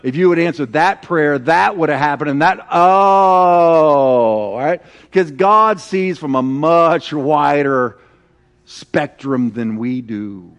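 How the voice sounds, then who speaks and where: Middle-aged guy preaching, kinda high voice, acts out the quotes as he tells stories. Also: takes it slowly. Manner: animated storytelling, acting out quoted voices. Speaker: pastor. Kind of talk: sermon.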